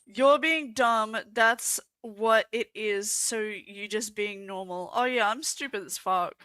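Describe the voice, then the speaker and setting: A woman's voice: mid-range voice, slow, pushed and bright, clear, resonant tone, dry recording. A young Australian woman, stoned, chatting crudely with her stream chat and swearing freely.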